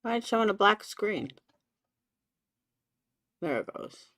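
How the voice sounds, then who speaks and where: A woman's voice: mid-range voice, big pitch swings, takes it slowly, fairly bright tone, no room sound. A woman hosting a casual live stream from her computer, chatting with viewers and greeting them by name. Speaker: livestream commentary host.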